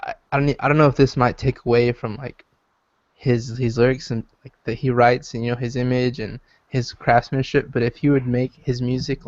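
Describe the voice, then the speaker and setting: A man's voice: medium pitch, darkish tone, no room sound, highs cut off. Rambling young man, casual podcast talk. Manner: hesitant, rambling with many fillers. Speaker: podcast co-host. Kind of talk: casual chat.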